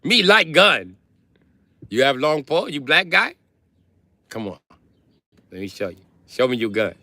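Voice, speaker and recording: A man's voice: medium pitch, big pitch swings, unhurried, vocal fry, fairly bright tone, no echo, heavily acted. A man voicing a flirty, pushy woman soldier who talks in clipped, broken English. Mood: coaxing. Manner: clipped broken phrasing, coaxing.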